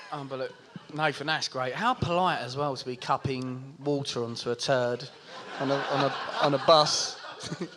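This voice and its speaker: A man's voice: mid-range voice, normal speed, heavy background noise. A man co-hosting a live comedy podcast, teasing guests with laughing banter. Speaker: co-host. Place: live show in a bar with an audience.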